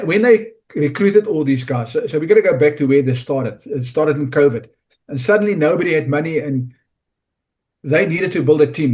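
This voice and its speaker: A man's voice: a little high, a little mellow. A man talking rugby analysis in a casual podcast chat, often restarting and repeating words. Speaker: rugby pundit.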